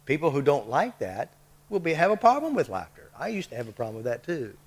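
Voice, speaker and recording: A man's voice: fairly high pitch, huge pitch swings, quick pace, slightly rough. A man leading a live workshop, coaxing the group with short repeated prompts and checks. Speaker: workshop leader.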